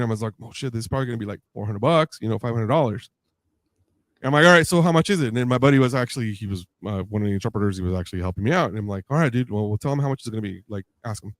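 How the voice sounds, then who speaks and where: A man's voice: lowish voice, no echo. A man telling a long anecdote in casual podcast chat, acting out the voices he quotes. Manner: animated storyteller, acts out quoted voices with laughs.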